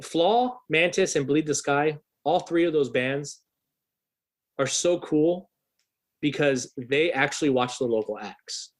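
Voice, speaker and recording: A man in his thirties, a musician guest on a podcast, telling a story in a casual, swearing, animated way. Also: on the high side, slow. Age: 30s. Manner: swears freely, animated retelling.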